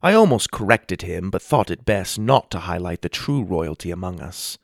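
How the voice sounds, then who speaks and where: A man narrating a children's fantasy story in the first person, expressive storybook narration. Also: deep voice, moderate pace, creaky, no room sound, clean studio sound. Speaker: audiobook narrator.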